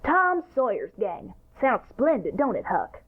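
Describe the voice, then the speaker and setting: A woman voicing an eager, bossy boy ringleader in a radio-style drama, talking in an excited, boastful way. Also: a little high, measured pace, slightly rough, heavily acted. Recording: tinny phone-like sound.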